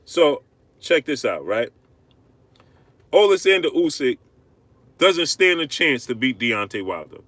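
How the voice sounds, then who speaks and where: A man hosting a live-stream boxing rant, arguing hard, repeating himself and shouting out viewers. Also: medium pitch, unhurried, pauses often, no room sound. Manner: animated, repetitive, argumentative, shouting out viewers. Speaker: livestream host.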